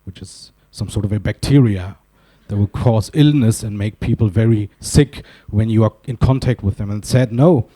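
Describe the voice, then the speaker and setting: Speaking at a normal speed with few pauses, this German conference speaker has a warm, lowish voice. His keynote is funny, built on self-deprecating anecdotes and wry asides, and takes place in a conference hall.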